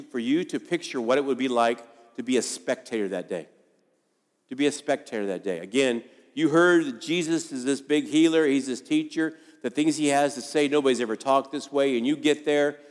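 A man's voice: mid-range voice, darkish tone. Man preaching in an echoing hall. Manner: storytelling, acts out quoted voices. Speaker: pastor. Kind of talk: sermon.

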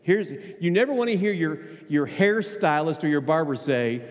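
A man's voice: a little high, big pitch swings, moderate pace. Man preaching in an echoing church. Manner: conversational, asks the congregation questions, repeats words. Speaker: pastor. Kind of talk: sermon. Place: church sanctuary. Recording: hall with long reverb. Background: long hall reverb.

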